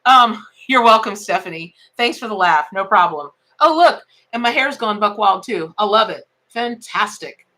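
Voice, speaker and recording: A woman's voice: mid-range voice, animated, moderate pace, few pauses, bright, forceful tone. A middle-aged woman, hosting a casual live-stream tarot reading in a chatty, exclamatory, folksy way.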